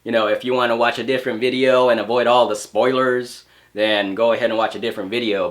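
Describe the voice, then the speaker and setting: A man's voice: fairly low pitch, steady tone, a little fast. A young man with a stuffy, allergy-clogged nose, casually rambling through a movie review with lots of fillers and restarts. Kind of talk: casual spoken film review.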